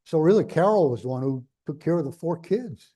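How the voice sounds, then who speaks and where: An older man with a New York accent speaks bluntly as a guest in an on-stage conversational interview, rambling from story to story and joking along the way. His voice sits fairly high yet sounds mellow and dark, expressive, brisk, and slightly rough.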